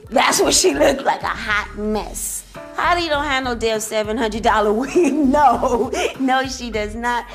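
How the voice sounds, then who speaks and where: A young woman talking bluntly and gossiping in slangy speech, as a reality show contestant in a confessional interview. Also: on the high side.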